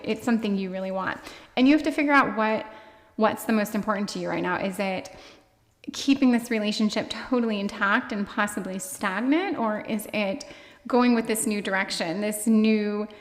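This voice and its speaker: A woman's voice: mid-range voice, long reverb tail. A woman giving a casual tarot card reading to viewers, rambling and searching for words with lots of fillers. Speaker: tarot reader.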